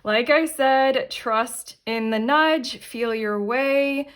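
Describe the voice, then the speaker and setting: A young adult woman hosting a casual tarot reading, chatty and animated, often breaking into laughter. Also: on the high side, very slow. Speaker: tarot reader and channel host.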